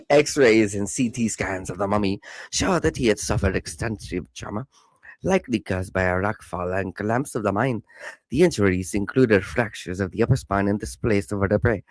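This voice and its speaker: A man hosting a podcast, reading news articles aloud with casual joking asides, stumbling over hard words, and saying he is high. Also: moderate pace, no room sound. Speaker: podcast host.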